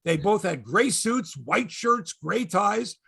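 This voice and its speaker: A man's voice: high voice, animated, slow, vocal fry, bright, forceful tone, breathy edge. A middle-aged Canadian man hosting a sports podcast, chatting casually in a rambling, profane, wry way. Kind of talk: casual chat.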